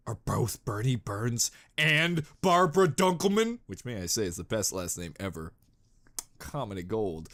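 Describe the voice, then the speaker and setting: Wildly animated, bright-voiced male reactor. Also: lowish voice, normal speed. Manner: goofy, exclamatory, jumps between mutters and yells. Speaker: reaction video host. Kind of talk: casual reaction commentary.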